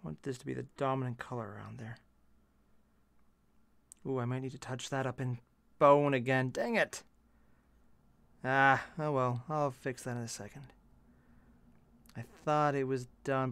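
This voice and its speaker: A man's voice: mid-range voice, fairly even intonation, moderate pace, creaky, a bit bright, clean tone, no echo. A man casually commenting to himself as he paints miniatures, muttering asides and small self-deprecating jokes. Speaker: miniature painting channel host.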